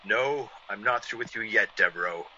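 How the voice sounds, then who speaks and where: An actor playing a vengeful, menacing ex-convict who sneers and gloats, in 1940s radio acting on a dull old radio recording. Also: male voice, fairly low pitch, normal speed, pushed and bright, a little hiss or hum. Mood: gloating. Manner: sneering, theatrical villain with gloating laughs.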